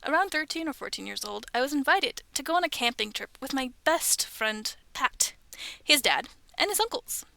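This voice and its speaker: A woman in her thirties reading scary stories aloud from home, breaking off for chatty, self-aware asides and soft whispered remarks. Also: high voice, big pitch swings, normal speed, creaky, no room sound. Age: 30s. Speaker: streamer reading online stories. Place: bedroom at home.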